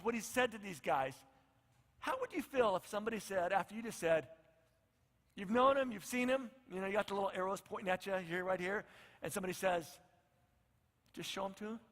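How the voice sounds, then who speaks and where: A man's voice: sits high, fairly bright tone, big-room sound. A male pastor preaching a conversational sermon, acting out the lines of the people in his story. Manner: conversational, acts out the disciples' lines.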